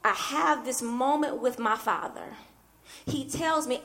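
A woman's voice: high voice, measured pace, a bit bright. A woman minister preaching a sermon as a personal story, talking animatedly and often breaking in with "I mean" asides. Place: church.

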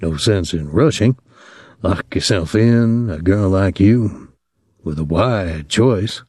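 A man voicing a young soldier who talks in a soft, lazy country drawl. The voice sits low and dark, wry and mocking. The sound is dry and close. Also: takes it slowly, slightly rough, dry recording, exaggerated voice. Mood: soft ironic.

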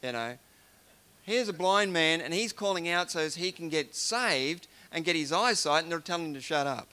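Man, casual devotional talk, bright forceful voice, slightly high. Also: expressive, moderate pace, clear, resonant tone. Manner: conversational, musing, retells scripture in everyday words. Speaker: preacher.

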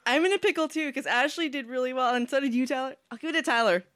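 A woman's voice: high voice, quick pace, fairly bright tone. A woman chatting casually on a podcast, rambling and cutting herself off. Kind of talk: casual chat.

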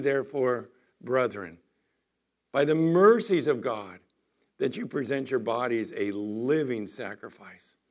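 A middle-aged man giving a sermon as a pastor, moving between quiet talk and loud, emphatic pleading. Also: medium pitch.

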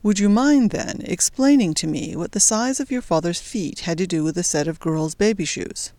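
A woman's voice: fairly low pitch, normal speed, mellow, no room sound, lightly acted. A woman voicing a polite, flustered male newspaper clerk who speaks hesitantly and apologetically.

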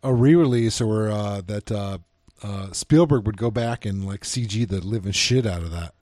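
A man's voice: fairly low pitch, moderate pace, darkish tone, dry recording, studio quality. An American man co-hosting a podcast, chatting casually with a sarcastic, teasing manner. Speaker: podcast co-host. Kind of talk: casual chat.

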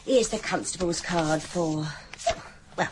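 A woman's voice: on the low side, slow pace, noisy background. An actress playing a nosy, cheeky older charwoman in a radio sitcom, who chats on and calls everyone "dear". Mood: chatty, knowing. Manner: chatty, calls everyone dear, says ruddy and ain't.

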